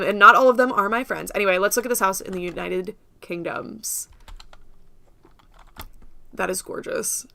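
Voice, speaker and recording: Bright, chatty young American woman streamer. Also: medium pitch, vocal fry, a little hiss or hum. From United States. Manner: chatty and rambling, laughs often, talks to viewers. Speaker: livestream host. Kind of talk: casual livestream chat.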